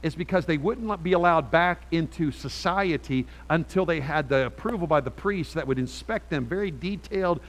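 Animated preacher man, fairly high voice. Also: normal speed, hardly any pauses, in a large hall. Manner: animated, emphatic, swings from quiet to loud. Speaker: pastor. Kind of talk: sermon. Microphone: handheld mic.

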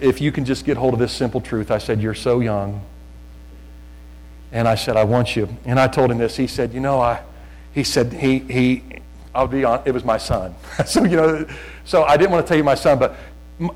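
A man's voice: medium pitch, rough recording. Man preaching a chatty sermon. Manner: conversational storytelling with jokes, swinging from quiet asides to loud urging. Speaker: pastor.

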